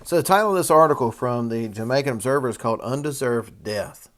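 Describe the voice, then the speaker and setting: A man hosts a casual talk show, reading a news story aloud and breaking off for loose, folksy asides. His pitch sits in the middle of the male range, and he talks in an easygoing, rambling way. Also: animated, quick pace, few pauses. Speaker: host.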